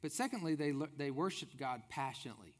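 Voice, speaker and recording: A male pastor delivers a sermon, moving between scripture reading and good-humored, folksy asides. His voice sits a little on the high side. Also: expressive, fast talker.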